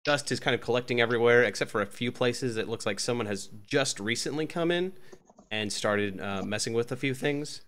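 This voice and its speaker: A man's voice: mid-range voice, a little fast, a bit bright. A man narrating a tabletop game as game master, hesitant and full of fillers.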